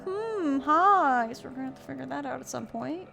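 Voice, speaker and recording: A bubbly woman streamer talks to her chat in a high, lively voice that swings all over. Soft game music plays behind her. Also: moderate pace, vocal fry. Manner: bubbly, chatty, playful asides to chat. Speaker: streamer playing a mystery game. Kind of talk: casual live-stream chat.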